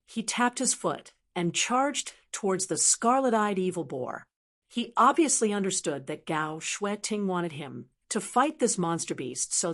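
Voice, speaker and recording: A woman narrating a martial arts audiobook in steady, even storytelling. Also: mid-range voice. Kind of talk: scripted narration.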